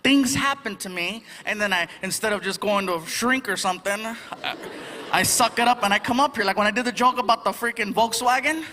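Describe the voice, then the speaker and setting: Male stand-up comic, high-pitched, animated storyteller, live stage recording with audience noise. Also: brisk. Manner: animated storytelling, acts out voices. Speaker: stand-up comedian. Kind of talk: stand-up comedy routine.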